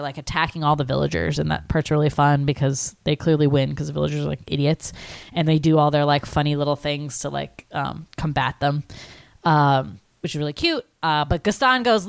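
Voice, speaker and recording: A woman co-hosting a podcast, telling a film's plot in a rambling, animated way full of fillers. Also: sits low, creaky, smooth, dry recording. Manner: rambling and animated, lots of likes and ums. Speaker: podcast co-host. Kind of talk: casual chat, recapping a film.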